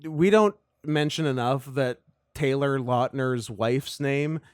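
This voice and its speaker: A man commenting on a movie with friends, throwing in quick deadpan quips. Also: mid-range voice, clear, resonant tone, no room sound, studio quality. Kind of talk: casual movie commentary chat.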